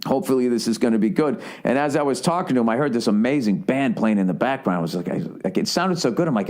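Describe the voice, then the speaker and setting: Podcast host, man, 40s, Boston accent, mid-pitched, profane, rambling storyteller. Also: fast talker. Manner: rambling, profane, animated storytelling with acted-out quotes. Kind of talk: casual storytelling monologue.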